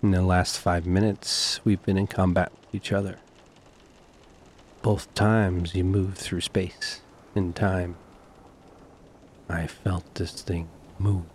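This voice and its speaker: A man's voice: low-pitched, level tone, slow pace, long pauses, darkish tone, slight background noise. A man voicing a grim, brooding young noble. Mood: grave.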